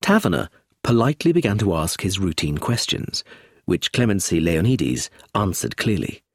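A man reading a story aloud as narrator, in an expressive scripted narration. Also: low-pitched, normal speed, dry recording, clean studio sound.

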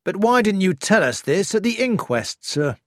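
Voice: medium pitch, big pitch swings, moderate pace, no echo, studio quality, voice pushed up, close to an everyday voice. A reader voicing an eager, polite police inspector who speaks up emphatically.

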